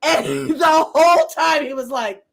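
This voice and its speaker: Woman co-host, slightly high voice, lively storyteller for a casual live chat. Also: a little slow, creaky. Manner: lively storyteller, acts out dialogue.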